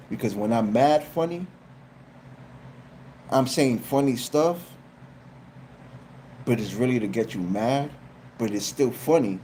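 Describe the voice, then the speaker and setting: A man, telling a funny story on a live stream, animated and profane, often repeating his phrases. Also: medium pitch, unhurried, pauses often, a little hiss or hum. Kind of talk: casual comedic storytelling.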